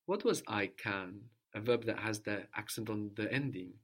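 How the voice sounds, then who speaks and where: A man's voice: lowish voice, moderate pace. A man teaching a language lesson, patiently prompting his student and repeating the answers.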